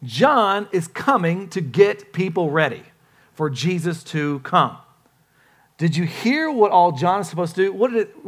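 Animated casual preacher man. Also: on the high side. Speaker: pastor. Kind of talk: sermon.

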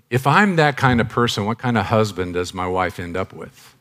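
A man in his sixties giving a sermon, confessional and direct, moving from loud emphatic bursts to soft hushed phrases and repeating key lines. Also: fairly low pitch, animated, moderate pace. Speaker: preacher.

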